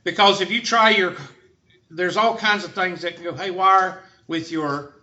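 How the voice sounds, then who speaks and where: A man's voice: sits high, fairly even intonation, unhurried, bright, forceful tone. A man teaching a math class, joking and sarcastic as he lectures. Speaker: math instructor. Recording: dull lo-fi classroom recording with faint noise.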